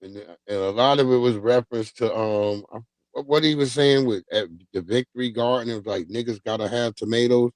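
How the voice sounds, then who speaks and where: A man's voice: medium pitch, a little fast, darkish tone, dry recording. A man hosting a livestream, chatting casually with viewers in a rambling, profane way and drifting off on tangents. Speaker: livestream host.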